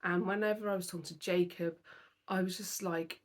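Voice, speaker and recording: A woman's voice: fairly low pitch, fairly even intonation, a little fast. A tired young British woman vlogging about her cross-stitch, chatty and self-deprecating. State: tired, yawning. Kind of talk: casual chat to camera.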